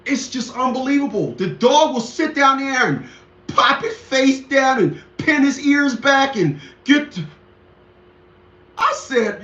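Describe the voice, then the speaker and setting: A man's voice: very high-pitched, very animated, a little slow, pushed and bright. A man delivering a rambling, indignant ranting monologue, repeating himself often. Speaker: commentator. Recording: echoey, dull lo-fi room sound.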